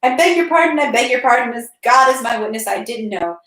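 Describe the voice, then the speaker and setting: A woman voicing a fussy elderly nobleman who rambles and repeats himself in a raised, halting voice, recorded in a roomy space. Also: fairly high pitch, animated, a bit bright. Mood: flustered.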